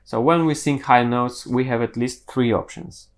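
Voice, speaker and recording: A man's voice: medium pitch, normal speed. A man teaching singing, explaining step by step with the odd self-correction. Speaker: vocal coach.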